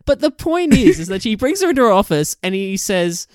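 Casual podcast co-host, man, high and lively voice, dry close sound. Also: brisk, few pauses, clear, resonant tone, no room sound. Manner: animated, laughing, swearing banter. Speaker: podcast co-host, film reviewer. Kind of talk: casual chat.

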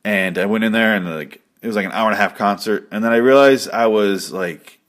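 Male host, lower register, loose profane recap chatter. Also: a little fast, fairly bright tone. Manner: rambling, profane and jokey. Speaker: podcast host. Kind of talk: casual recap chat.

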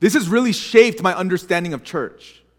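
High-voiced young pastor, earnest sermon. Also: male voice, animated, normal speed, long reverb tail. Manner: earnest, confessional storytelling with frequent restarts.

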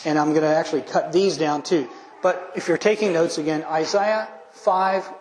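A man pastor delivers a methodical sermon, counting off points and scripture references and pressing home key lines. His voice sits a little high for a man. The sound rings in an echoey sanctuary over a faint room hum. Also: steady tone, moderate pace. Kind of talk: expository sermon.

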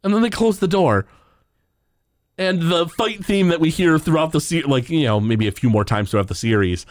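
Recapping an episode, this male podcast co-host chats casually and retells scenes loosely, laughing and using lots of fillers. He talks at normal speed in a rather high voice, recorded cleanly in a studio without echo.

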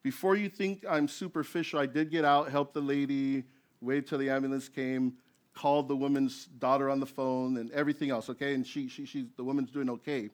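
A man preaching a sermon as pastor, telling a story in a lively, animated way that acts out the scenes. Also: medium pitch, fairly quick.

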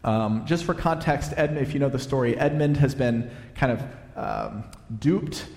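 A man preaching a sermon, talking in an easy, conversational way with small fillers and restarts as he goes. His voice sits at a middling pitch and rings out into a large, reverberant hall. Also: moderate pace, darkish tone. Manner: conversational, with fillers and self-corrections. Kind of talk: sermon with read-aloud story. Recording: echoey hall.

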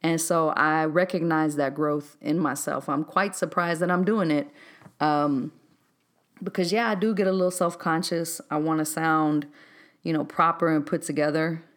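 A woman's voice: low voice, fairly even intonation, normal speed. Chatty Texas woman hosting a podcast. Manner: candid, chatty, laughs easily, says "y'all" and "um". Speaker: podcast host. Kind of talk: unscripted solo podcast talk.

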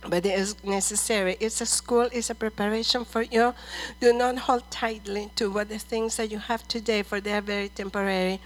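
This middle-aged woman's voice sits in the mid range as she ministers prophecy to churchgoers, sincere and deliberate, calling them "brother" and "dear." The audio is low quality.

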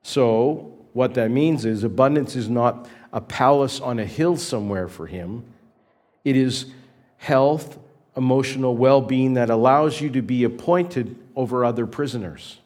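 A man's voice: medium pitch, unhurried, a little mellow. Earnest male pastor preaching. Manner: earnest, repeats key points for emphasis. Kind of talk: sermon.

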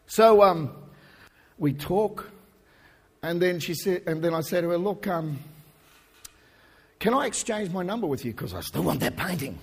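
A man preaching a sermon as a story, swinging between loud preaching and soft asides. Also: high-pitched, lively intonation, a little slow, long pauses, breathy edge, long reverb tail. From New Zealand. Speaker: pastor.

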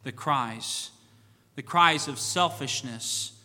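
Bright-voiced pastor preaching in a reverberant church. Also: male voice, mid-range voice, takes it slowly. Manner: swings from loud fervent preaching to hushed solemn tones. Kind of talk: sermon. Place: church sanctuary. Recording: long church hall reverb.

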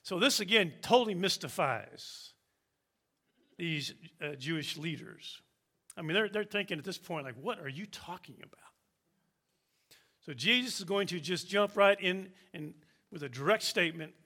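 A man preaching a sermon, slow and emphatic, with dramatic pauses. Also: high voice, lively intonation, sharp tone.

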